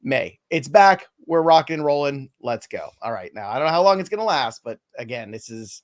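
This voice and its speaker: A man's voice: mid-range voice, sing-song, brisk. A man hosting a live fantasy baseball stream, talking in wry, self-mocking running commentary as he moves through the news. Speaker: host.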